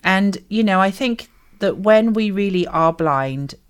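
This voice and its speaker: A woman's voice: medium pitch, animated, unhurried, clear, resonant tone. A Welsh woman co-hosting a faith podcast, speaking earnestly and reflectively in repeated phrases. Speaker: podcast co-host. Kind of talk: faith-based conversational podcast.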